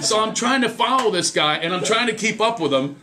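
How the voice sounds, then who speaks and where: Animated man telling a comic radio story. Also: sits high, a little fast, noisy background. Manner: animated, laughing storyteller who acts out voices. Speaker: comedian guest. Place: radio studio. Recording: radio broadcast with audible studio crowd.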